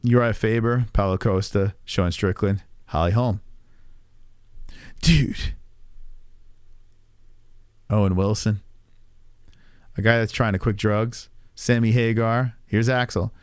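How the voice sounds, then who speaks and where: A man's voice: lowish voice, fairly even intonation, takes it slowly, pauses often, darkish tone, smooth, no room sound. A man hosting a livestream, chatting casually in a rambling, crude, joking way and reacting to chat messages. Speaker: livestream host.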